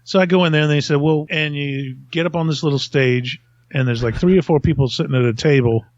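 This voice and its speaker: A man's voice: on the high side, fast, no room sound, lo-fi sound. Rambling, chuckling man telling a story. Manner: rambling, self-mocking, laughs often. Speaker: podcast host telling a story. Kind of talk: casual storytelling.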